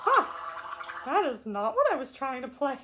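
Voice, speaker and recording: A woman's voice: high-pitched, sing-song, normal speed, very noisy. A woman hosting a casual live-stream show, bubbly, greeting viewers by name in sing-song calls. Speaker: show host.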